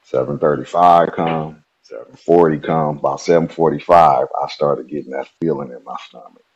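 A man from Nebraska, a podcast guest, telling a personal story in a relaxed, chatty way and laughing at himself. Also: rumbling low, moderate pace, husky, muffled recording. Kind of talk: casual storytelling.

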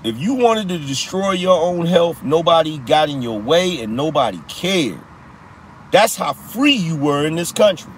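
A man's voice: fairly high pitch, sing-song, measured pace, fairly bright tone, a little hiss or hum. A man hosting a live political commentary show, talking in a slangy, repetitive style and teasing his audience. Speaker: podcast host.

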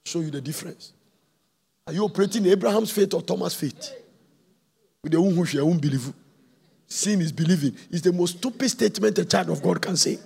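A male preacher giving an impassioned sermon, often shouting and half-singing his phrases. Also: sits high, vocal fry, husky.

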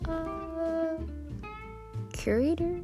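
Slow-talking young woman over guitar music. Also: very high voice, fairly even intonation. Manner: rambling, giggly, frequent fillers. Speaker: vlogger. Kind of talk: casual manga review chat. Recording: guitar music playing behind voice.

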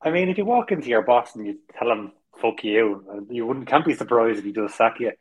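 A man's voice: medium pitch, expressive, brisk, husky, low-quality recording. A man co-hosting a casual chat, giving blunt, explaining opinions. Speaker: podcast co-host.

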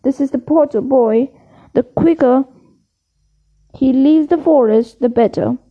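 A woman reading aloud, voicing a calm, protective young male centaur in a solemn, measured way. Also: sits high, phone-quality sound.

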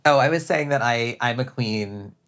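Speaking as an interview guest in a relaxed conversation, this male drag performer is chatty and reflective, often poking fun at himself. His voice is mid-range and fairly bright, at a moderate pace.

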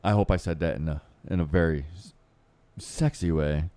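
A man's voice: very deep voice, moderate pace, dark tone, no echo. A man co-hosting an unscripted chat, joking and loose with casual grammar. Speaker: podcast co-host.

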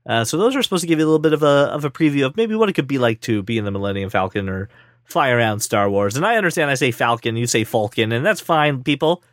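A man's voice: medium pitch, lively intonation, fast, no room sound, studio quality. A man co-hosting a casual tech podcast, joking and playing mock-offended while he runs through news. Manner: playful, mock-offended banter. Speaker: podcast co-host.

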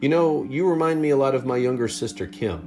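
A man voicing a gentle young male soldier ghost who speaks calmly and reassuringly. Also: mid-range voice, fast talker, soft background music, pitched above the performer's own voice, lightly acted. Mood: kindly. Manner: kind, calm and reassuring.

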